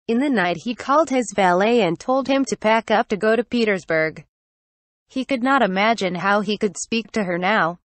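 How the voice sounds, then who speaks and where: A woman narrating a classic novel as an audiobook, in an even, steady way that reads the punctuation aloud. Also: mid-range voice, no room sound.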